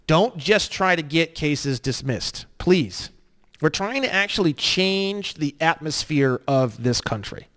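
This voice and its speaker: High-voiced ranting male course instructor. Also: animated, slow. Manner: swearing, ranting, swinging between low mutters and loud emphatic bursts. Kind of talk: heated profane lecture.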